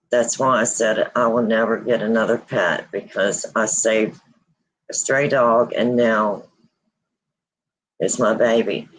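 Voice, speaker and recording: A woman hosting a casual livestream, grieving and near tears, speaking haltingly with many pauses and restarts. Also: rumbling low, breathy edge, rough recording. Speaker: host of a paranormal channel.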